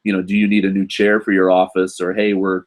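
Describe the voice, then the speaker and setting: A man with a lowish voice hosts a casual live question-and-answer stream. He talks in a loose, chatty way, filling his sentences with "you know". His delivery is animated, and he sometimes jumps higher to act out students and coworkers. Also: fast. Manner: animated, acts out students and staff in a raised voice. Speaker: host answering viewer questions; university English teacher in Japan.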